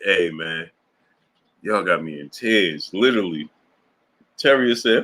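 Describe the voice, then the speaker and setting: A man hosting a boxing livestream, reading chat messages aloud in a casual style, laughing hard with drawn-out exclamations and playful voices for the lines he quotes. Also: lowish voice, very animated, pushed and bright.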